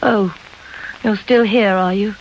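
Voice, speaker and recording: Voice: mid-range voice, fairly even intonation, slow, slight background noise, pitched above the performer's own voice. A reader voicing a bold, cheeky young girl who speaks bluntly and scornfully, in a slightly dull lo-fi recording.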